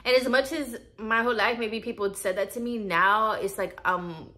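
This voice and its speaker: Bright-voiced young woman vlogging. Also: mid-range voice, normal speed. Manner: animated, swears and laughs often, talks to viewers as y'all. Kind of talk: casual spiritual vlog talk.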